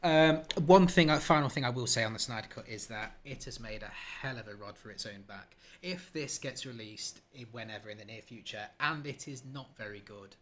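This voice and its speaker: A man hosting a casual film podcast, jokey and chatty, with many pauses and uhs. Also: mid-range voice, a bit bright. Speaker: podcast host.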